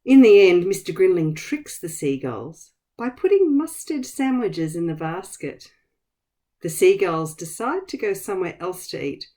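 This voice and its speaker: A woman teaching a vocabulary lesson to young children, speaking slowly and clearly in an encouraging way. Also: fairly low pitch, dark tone.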